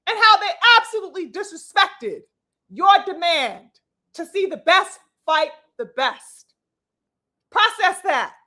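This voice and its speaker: With a high-pitched, pushed and bright voice, a female boxing commentator rants preachily and profanely, firing off rhetorical questions in ornate language.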